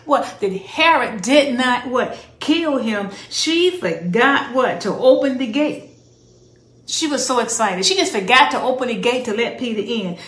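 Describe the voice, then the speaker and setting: Woman preacher, high voice, call-and-response delivery, roomy echo. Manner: call-and-response questions, emphatic declarations. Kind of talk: sermon.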